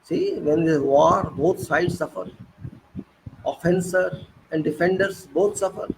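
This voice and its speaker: A man with an Indian English accent speaks in a fairly high voice, delivering an impassioned monologue full of indignant rhetorical questions and sarcastic jabs. A faint hiss of noise sits under the recording. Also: measured pace. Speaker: political commentator.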